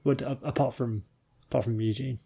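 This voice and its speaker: British male podcast co-host, gravelly, husky, wry and sweary. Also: medium pitch, fairly even intonation, fairly quick, warm tone. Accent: British English. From Britain. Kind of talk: casual chat.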